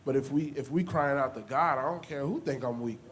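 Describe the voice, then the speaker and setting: A man's voice: mid-range voice, fairly quick. A man, talking about faith in a rhythmic, repetitive, preachy way. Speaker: discussion participant. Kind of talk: casual faith-based discussion.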